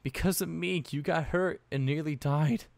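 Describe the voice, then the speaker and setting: A man's voice: fairly high pitch, moderate pace, vocal fry, dry recording, voice pushed up. A man voicing a young girl with a small voice who is apologizing in a fan story reading. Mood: remorseful.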